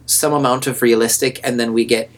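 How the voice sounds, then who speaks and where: A man's voice: mid-range voice, fairly even intonation, brisk. Rambling male podcast co-host. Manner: rambling, repeats words while thinking aloud. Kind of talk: casual chat.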